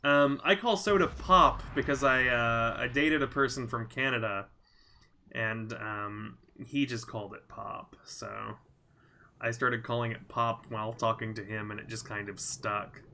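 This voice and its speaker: Bright-voiced man doing casual game commentary. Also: medium pitch, unhurried. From Southern Indiana, USA. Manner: rambling, self-deprecating, reads chat aloud. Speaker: let's play host.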